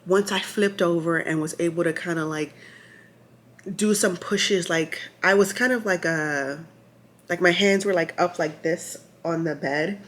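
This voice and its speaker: A woman's voice: fairly low pitch, a little slow. Chatty woman retelling her birth story. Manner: chatty and animated, with frequent "like" and restarts; reads from notes at times. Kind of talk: casual storytelling to camera.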